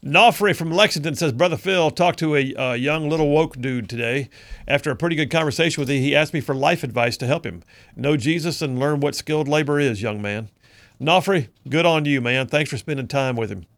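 A man's voice: a little high, a little fast, fairly bright tone, no echo. A man hosting a talk radio show, reading out listener texts in a folksy, chatty way. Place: radio studio.

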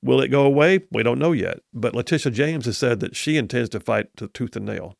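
A man's voice: medium pitch, animated, fairly quick, creaky, no echo, studio quality. A male talk radio host and attorney giving emphatic, scornful commentary and hammering his points through repetition.

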